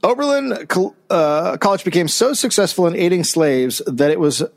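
A man's voice: high-pitched, animated, moderate pace. A man co-hosting a comedy history podcast, reading from notes and adding dry, sarcastic asides. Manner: reads notes, then riffs with dry sarcasm.

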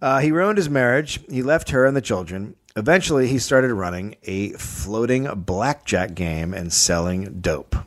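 A man's voice: on the low side, expressive, moderate pace, hardly any pauses. A man co-hosting a comedy podcast, telling a history story in a dry, matter-of-fact way.

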